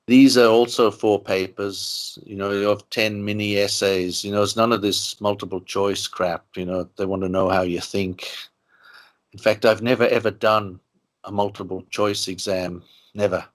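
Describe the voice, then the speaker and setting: An older man from Ireland, an interviewee, telling long stories in a rambling way with many "you know" asides. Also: fairly low pitch. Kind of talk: relaxed storytelling interview.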